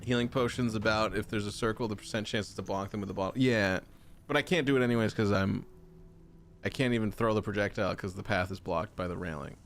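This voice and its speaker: A man's voice: fairly low pitch, fast talker, soft background music. A young man giving casual, jokey commentary while streaming a game, mock-angry and full of silly made-up words.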